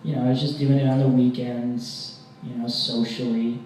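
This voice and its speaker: A young man doing a stand-up comedy set, telling rambling deadpan stories with mock-angry rants. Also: mid-range voice, moderate pace. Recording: very echoey room, distant mic, faint hiss.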